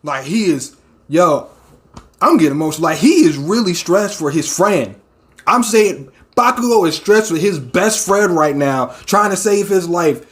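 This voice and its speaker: A man hosting a casual comic-reaction talk, excitable and quick to swear and shout his reactions. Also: high voice. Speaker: manga reaction host.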